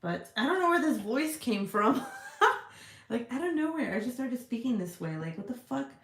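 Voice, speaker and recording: A woman's voice: fairly high pitch, sing-song, moderate pace, echoey room. A woman hosting a casual livestream, reading viewer comments aloud in a rambling, profane, giggly way. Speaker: livestream host.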